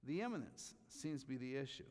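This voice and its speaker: A man preaching a sermon, reading scripture slowly and rising to loud emphatic bursts on key phrases. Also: medium pitch, animated, in a large hall. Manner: reads scripture aloud slowly.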